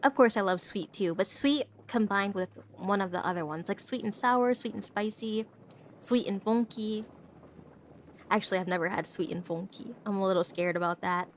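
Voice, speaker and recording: A woman's voice: mid-range voice, normal speed, slight background noise. Giggly young woman streamer, rambling. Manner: giggly, rambling, stumbles over words. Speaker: VTuber streamer. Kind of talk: casual live-stream chat.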